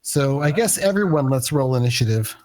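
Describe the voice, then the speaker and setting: A man narrating as game master of a tabletop game, pausing often with fillers. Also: mid-range voice, lively intonation, darkish tone. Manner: hesitant, many fillers.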